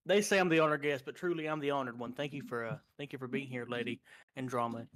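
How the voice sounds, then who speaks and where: A man's voice: on the high side, fast talker, fairly bright tone. Man, tabletop player, in-character paladin, hesitant, lots of ums. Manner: hesitant, many fillers. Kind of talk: tabletop role-play.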